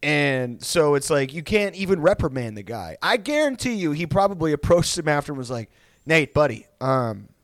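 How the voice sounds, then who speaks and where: Dude on a podcast rambling and cussing, kinda high voice, dead dry mic. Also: male voice, big pitch swings, fairly quick, hardly any pauses, no echo. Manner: rambling, profane, many restarts. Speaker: podcast host. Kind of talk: casual chat.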